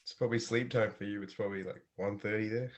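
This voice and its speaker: A young man talks bluntly on a casual podcast, brushing things off and laughing along. His voice is low and a little husky. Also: steady tone, fast. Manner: dismissive, blunt, laughs often. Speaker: podcast co-host. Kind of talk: casual chat.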